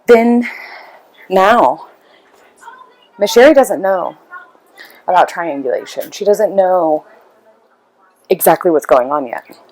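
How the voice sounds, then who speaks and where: A woman's voice: on the low side, animated, slow pace, pauses often, darkish tone, poor audio. Rambling woman podcaster telling a story. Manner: rambling, acts out quoted voices. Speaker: podcast host. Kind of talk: casual storytelling monologue.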